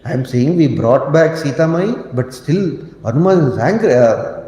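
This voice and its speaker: Man, storytelling sermon, fairly high voice, echoey hall with long reverb. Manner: animated, halting, with many fillers and acted voices. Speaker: monk giving a scripture talk. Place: temple cowshed.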